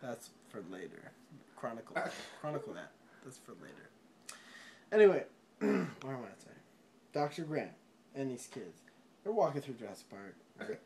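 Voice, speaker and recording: A man's voice: mid-range voice, big pitch swings, moderate pace, pauses often, darkish tone. A drunk young man retelling a film in a rambling, swearing way, often laughing and tripping over his words.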